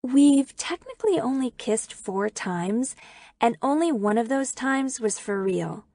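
Slow, gravelly-voiced woman audiobook narrator. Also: on the high side, lively intonation, mellow, no echo. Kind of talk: first-person audiobook narration.

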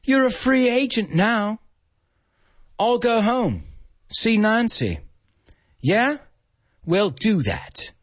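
A man reading a movie scene aloud, voicing two young British rocker men in a rough British accent. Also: high-pitched, fairly bright tone, no echo, studio quality, pitched above the performer's own voice, exaggerated voice. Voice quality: cockney-ish rocker drawl.

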